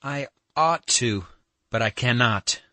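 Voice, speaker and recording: A man's voice: on the low side, normal speed, fairly bright tone, no room sound, lightly acted. A man reading an audiobook, voicing a proud, defiant young woman who falters and pleads in distress. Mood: distraught.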